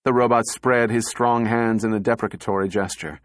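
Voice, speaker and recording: A man narrating an audiobook in a steady, even reading voice. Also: on the low side, normal speed, few pauses, dry recording, studio quality.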